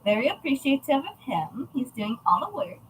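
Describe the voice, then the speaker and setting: A woman's voice: high-pitched, big pitch swings, moderate pace, a little hiss or hum, poor audio. A woman chatting casually on a livestream about her craft shop, chatty, profane and self-mocking.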